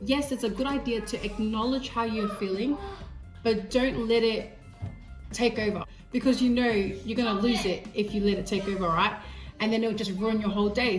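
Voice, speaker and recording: A young Australian mum talks straight to camera in a cheerful, chatty way, laughing easily and sitting a little above the usual pitch. Her voice rings around a bare, echoey room at home while music plays clearly underneath. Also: fairly even intonation, normal speed. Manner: chatty, laughing, often breaks off to speak to her children. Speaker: parenting vlogger, mother of three. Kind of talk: casual talk to camera. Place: family home with children around.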